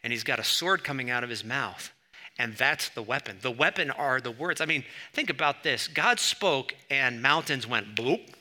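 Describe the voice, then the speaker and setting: A man preaching a sermon, conversational with asides, and rising loud when he reads scripture. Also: medium pitch, expressive, normal speed. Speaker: pastor.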